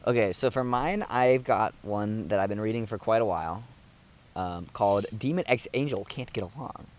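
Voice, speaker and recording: A man's voice: lowish voice, normal speed, darkish tone. A man co-hosting a podcast in casual chat, mostly reacting with short replies and laughter. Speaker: podcast co-host.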